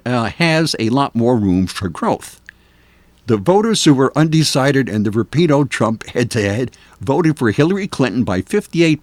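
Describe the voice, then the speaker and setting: Older male AM radio host, opinionated and chatty with lots of fillers, animated delivery, close dry studio mic. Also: medium pitch, dry recording. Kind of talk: casual talk radio commentary.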